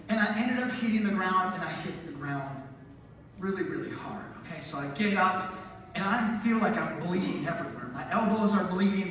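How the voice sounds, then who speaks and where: High-voiced pastor in an echoey hall. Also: male voice, a little hiss or hum. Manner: lively storytelling with self-mocking asides. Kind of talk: sermon. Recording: echoey hall, voice from a distant mic.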